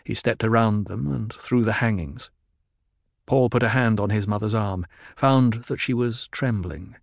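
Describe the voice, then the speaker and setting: A man in scripted audiobook narration, telling the story in a measured, even way. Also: lowish voice, vocal fry, dry recording, studio quality.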